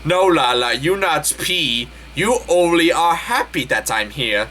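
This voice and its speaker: A man voicing a male wizard professor who speaks calmly, softly and low, drawing out his words. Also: measured pace, slight background noise, heavily acted. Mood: sultry. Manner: calm, soft, low and drawn out.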